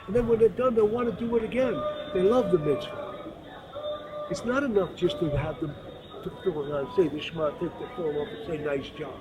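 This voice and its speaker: A man teaching religious lessons through earnest, animated storytelling, recorded outdoors at a busy site. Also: sits high, poor audio. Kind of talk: storytelling spiritual talk. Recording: crowd noise in the background.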